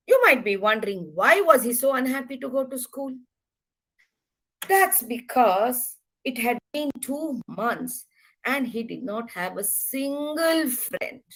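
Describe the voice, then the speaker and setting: Woman doing kids storytime, high voice, super expressive. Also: poor audio. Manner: expressive, animated, addresses listeners. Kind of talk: children's storytelling.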